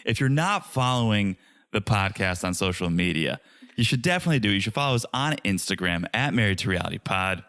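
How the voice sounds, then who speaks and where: A man's voice: lowish voice, lively intonation, fast talker, fairly bright tone. A man co-hosting a casual podcast from an apartment, playful and joking. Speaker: podcast co-host. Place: apartment room.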